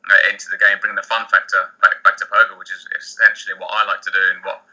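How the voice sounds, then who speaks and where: A man answering interview questions fast and animated, stumbling over restarts. His low voice is very bright and edgy. The recording sounds dull and lo-fi. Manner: rapid, animated, many restarts. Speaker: poker player guest.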